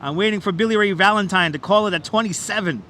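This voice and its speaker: A fast-talking man hosts a live walking tour on a city bridge, hyping like counts in playful, repetitive auctioneer patter while chatting with viewers. His voice is high, bright and forceful. He's recorded outdoors on a wireless clip-on mic, with faint traffic noise in the background.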